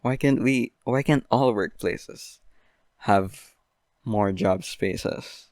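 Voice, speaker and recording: A young man hosting a podcast, rambling through an absurd deadpan comedic monologue full of fillers. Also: fairly low pitch, very slow, no room sound. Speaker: podcast host.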